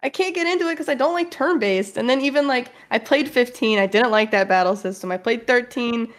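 A woman's voice: fairly high pitch, brisk. A woman guesting on a casual gaming podcast, talking in a blunt, laid-back way. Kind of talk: casual chat.

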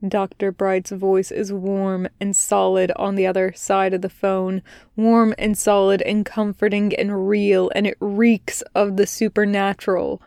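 A woman reading fan fiction aloud as a podfic, in a quiet, measured narration. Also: mid-range voice, monotone, vocal fry, dry recording, studio quality. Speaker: podfic reader.

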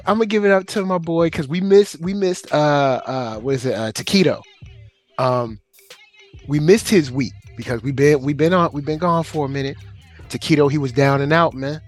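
A man co-hosting an anime podcast, retelling scenes in slangy, animated casual chat. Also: mid-range voice. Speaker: podcast co-host.

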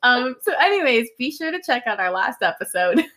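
A woman's voice: a little high, sing-song, normal speed, a bit bright. A young woman in her twenties with a teasing, sarcastic, giggly manner, co-hosting a casual podcast chat as the daughter.

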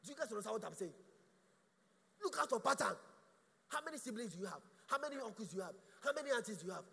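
A man's voice: high-pitched, very animated, very fast, gravelly, sharp tone. A man preaching a sermon in church. He asks rhetorical questions and stammers through restarts. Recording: echoey church hall.

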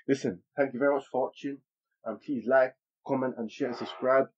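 Fast-talking playful podcast host. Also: male voice, mid-range voice, fairly even intonation, a little mellow, breathy edge. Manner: playful, grandiose sign-offs. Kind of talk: casual chat. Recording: dull lo-fi recording.

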